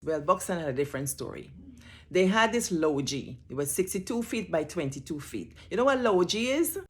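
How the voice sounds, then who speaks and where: A woman's voice: on the low side, lively intonation, moderate pace. A Guyanese woman hosting a storytelling history lesson, emphatic and fond of teasing rhetorical questions. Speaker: host.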